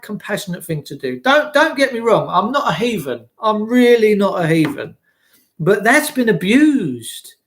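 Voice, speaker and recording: A man's voice: sits high, fairly bright tone. A man delivering an impassioned, ranting monologue, full of swearing and rhetorical questions.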